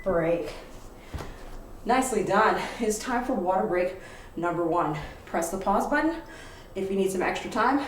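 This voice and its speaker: Female fitness instructor, slow and winded cues mid-workout, roomy sound from across the room, noisy. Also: mid-range voice, far from the mic. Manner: energetic, out of breath while exercising. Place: home workout space.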